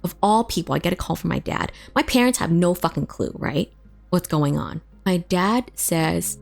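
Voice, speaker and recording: A woman's voice: on the low side, animated, normal speed, vocal fry, faint music behind. A woman vlogger telling a personal story in a casual, emotional way, full of fillers and swearing.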